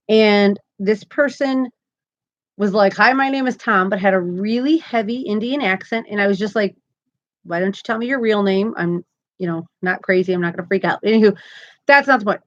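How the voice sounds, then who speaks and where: A woman's voice: mid-range voice, moderate pace, muffled recording. A woman hosting a crochet live stream, chatting casually and upbeat, often laughing as she talks. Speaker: crochet channel host.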